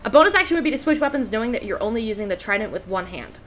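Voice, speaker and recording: A woman leads a tabletop game as game master, patiently walking players through the rules. Between rulings she narrates the action in vivid detail. Soft music plays faintly underneath. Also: on the high side, lively intonation, racing. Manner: patient rule explanations, vivid scene narration.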